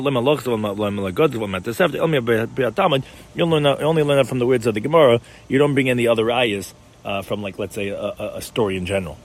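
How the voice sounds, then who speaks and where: Guy teaching talmud really fast, kinda husky voice, keeps repeating words. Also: mid-range voice. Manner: rapid, mixes Hebrew-Aramaic terms with English, frequent repeated words. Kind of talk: Talmud class explanation.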